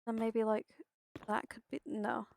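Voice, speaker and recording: A woman's voice: fairly high pitch, flat delivery, unhurried, creaky, a little mellow, slight background noise. A young woman streaming a building game, thinking aloud in a hesitant way and chatting to her viewers. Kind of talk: casual commentary while playing a building game.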